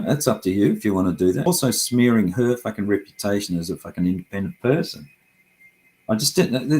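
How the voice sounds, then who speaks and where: A man's voice: fairly low pitch, darkish tone, rough recording. A middle-aged man talking casually and heatedly, frustrated and swearing often as he rambles through his complaints.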